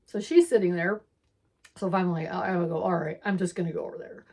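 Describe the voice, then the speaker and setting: Rambling, lower-voiced woman telling a story. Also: fairly even intonation, fast, a little mellow. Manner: rambling, self-quoting, laughs between lines. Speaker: storyteller of her faith testimony. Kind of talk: casual spoken testimony.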